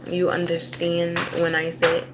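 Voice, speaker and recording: A woman's voice: fairly low pitch, completely flat delivery, measured pace, background noise. A woman chatting casually on a live stream as a tarot reader. She talks bluntly and swears freely. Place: at home with her young son nearby.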